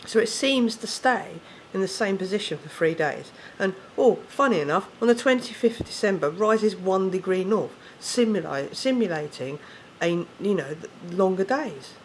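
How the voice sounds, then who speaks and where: A man's voice: high voice, expressive, moderate pace, few pauses, a little hiss or hum. A man with an English accent, ranting casually to camera, swearing often and correcting himself as he rambles. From England. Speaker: vlogger.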